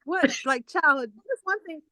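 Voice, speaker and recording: A woman co-hosting a casual chat, telling childhood stories in a talkative way with animated quotes. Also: high-pitched, normal speed, no room sound. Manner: chatty storytelling, animated quoting. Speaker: co-host.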